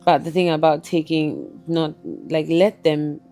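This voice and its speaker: A woman hosting a podcast, a mother who chats casually and tells lively stories. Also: low-pitched, unhurried, soft background music.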